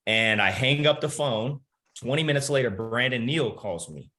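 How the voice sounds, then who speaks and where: A man in his thirties, a motivational speaker, telling his life story to an audience and acting out the dialogue. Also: medium pitch. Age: 30s. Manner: animated storytelling, acts out quoted dialogue. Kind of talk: personal story talk to an audience.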